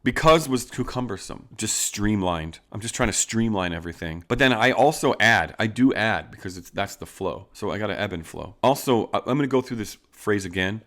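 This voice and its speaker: A man working through his own playwriting, talking in a low-key, musing way as he comments on rhythm and word choice. His voice is bright and clear, with a lively rise and fall even when he speaks softly. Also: fairly quick, hardly any pauses. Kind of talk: reading a script aloud and commenting on edits.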